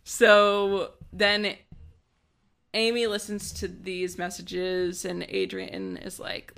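Gravelly-voiced woman recapping an episode. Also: medium pitch, little pitch movement, a bit bright. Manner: quick, sardonic retelling. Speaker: podcast co-host.

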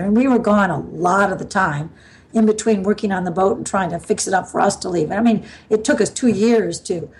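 A woman's voice: medium pitch, a little mellow, poor audio. An older woman from the US Midwest, a podcast guest telling stories in a loose, rambling way, with frequent laughs and fillers. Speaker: guest sailor. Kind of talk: storytelling in a casual interview.

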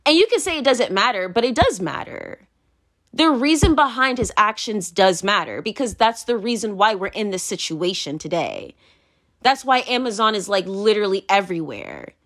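A woman's voice: fairly high pitch, sing-song, normal speed, fairly bright tone. A woman talking casually on her own, blunt and profane, laughing often and repeating herself as she moves between points. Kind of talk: casual solo commentary.

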